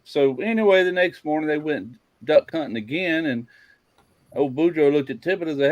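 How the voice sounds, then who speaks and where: A man's voice: brisk, darkish tone. A man casually telling folksy jokes, lifting his voice for the characters. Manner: tells folksy Cajun jokes, doing character voices higher. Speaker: joke teller.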